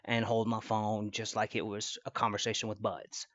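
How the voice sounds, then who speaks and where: A man's voice: lowish voice, completely flat delivery, normal speed, a bit bright, no echo, dull audio. A man streaming from his computer, talking casually in a rambling, profane, trash-talking way. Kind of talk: casual live-stream reaction. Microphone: computer mic at desk.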